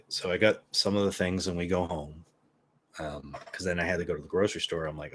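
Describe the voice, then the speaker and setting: A man's voice: low voice, level tone, fast, fairly bright tone, a little hiss or hum. A man in his thirties telling a casual story in a rambling way, with lots of fillers and some swearing. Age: 30s. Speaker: vlogger.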